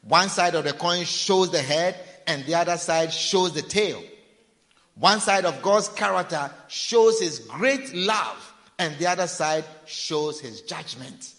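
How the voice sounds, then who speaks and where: A man's voice: a little high, animated, slow pace, a bit bright. A man preaching a sermon, repeating phrases and acting out people's pleas. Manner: preaching with repetition and acted-out pleading. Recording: long reverb of a large hall.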